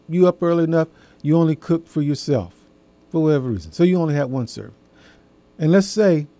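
Slow, mellow-voiced man talking to listeners. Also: fairly high pitch, dry recording. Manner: slow, folksy, repeats key phrases for emphasis. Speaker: host. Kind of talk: casual talk to an audience.

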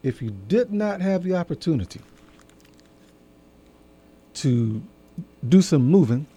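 A man's voice: a little high, very animated, slow pace, warm tone, husky. A middle-aged man hosting a casual talk, addressing his audience directly and repeating key phrases for emphasis. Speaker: host.

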